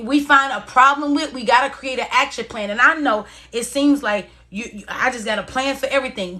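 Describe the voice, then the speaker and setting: Encouraging woman host with a bright voice. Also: a little high. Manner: encouraging, talks straight to viewers, repeats phrases; casual and warm-hearted, reads out viewer comments. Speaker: live-stream host. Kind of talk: motivational live-stream talk.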